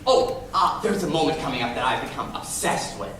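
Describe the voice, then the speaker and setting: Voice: mid-range voice, lively intonation, a little fast, fairly bright tone, a little hiss or hum, close to an everyday voice. An actor doing a chatty, obsessive musical fan, far off in an echoey theatre. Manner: chatty, confiding asides to the audience. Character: fussy lonely man, obsessive musical fan narrating. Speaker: stage narrator. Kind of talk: stage musical acting. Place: large theatre stage. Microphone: far room mic. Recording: distant, echoey theatre stage recording.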